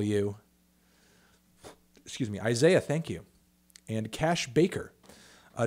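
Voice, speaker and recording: Rambling, profane young man. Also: mid-range voice. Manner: rambling, profane, excitable with frequent fillers and restarts. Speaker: music reviewer answering viewer questions. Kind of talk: casual livestream Q&A.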